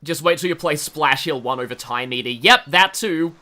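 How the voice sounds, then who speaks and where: An Australian gaming video host rambles through casual game commentary, chatty and laughing often, with plenty of fillers. His voice is on the high side, bright and forceful, at a normal speed, with faint game music behind him.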